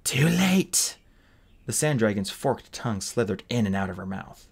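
A man reading a fantasy novel aloud as an expressive audiobook narrator. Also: lowish voice, fairly quick, husky. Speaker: audiobook reader. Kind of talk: storybook narration.

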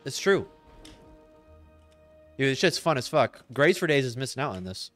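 A man streaming a game live, reacting excitedly with laughter and constant swearing while talking to his chat. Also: medium pitch, moderate pace, no room sound, soft background music. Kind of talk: live gameplay commentary.

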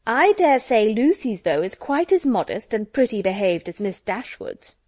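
A woman puts on a silly, gossiping young lady in a storybook, exclaiming loudly in a high voice. She is teasing and excitable. The tone stays mellow and the sound dry. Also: moderate pace, dry recording.

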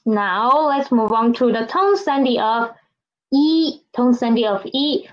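Slow, patient woman teaching a language lesson. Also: sits high. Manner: slow, patient, repeats each example and checks with "right?". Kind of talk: recorded online language lesson. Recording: dull lo-fi recording.

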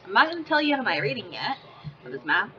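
A woman's voice: mid-range voice, very animated, fast talker, pushed and bright. A woman hosting a gaming channel, chatting casually over gameplay and coaxing her pet in baby talk. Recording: dull lo-fi with game crowd noise.

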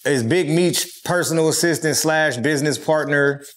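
A man guest in an interview, telling stories in a casual, animated and profane way and acting out quotes. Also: fairly high pitch, normal speed. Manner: animated, profane street talk, acts out quotes.

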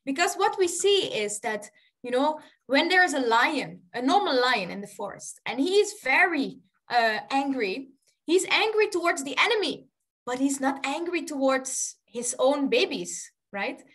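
A woman storyteller telling a story to children, animated, laughing often and asking them questions. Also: high voice, a little slow.

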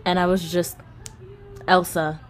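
A woman's voice: mid-range voice, fairly even intonation, moderate pace, faint music behind, low-quality recording. A twenty-year-old woman chatting casually to her viewers in a vlog, rambling with lots of fillers. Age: 20s. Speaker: vlogger.

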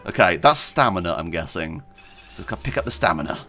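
Excitable man playing a game. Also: low voice, brisk, soft background music. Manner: excitable, squeals with delight, chatty. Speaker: gaming video host. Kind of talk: let's play commentary.

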